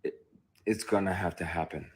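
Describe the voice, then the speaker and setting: A man, an actor, telling a personal story in a candid livestream monologue, emphatic and heated with sudden loud outbursts, speaking into a phone. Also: sits low, steady tone, normal speed, husky. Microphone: phone on a live stream.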